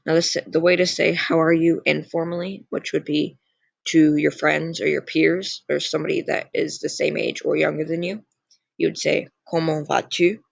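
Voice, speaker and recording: Man, young adult, teaching voice, very gravelly, husky, slow patient delivery. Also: on the high side, flat delivery, dry recording. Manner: slow, patient, repeats words for drill. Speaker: language teacher. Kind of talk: slide-based lesson narration.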